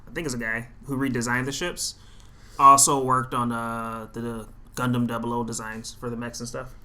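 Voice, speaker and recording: A man's voice: mid-range voice, level tone, normal speed, bright, forceful tone. A man co-hosting a podcast in casual chat, full of fan trivia, with lots of fillers. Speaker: podcast co-host.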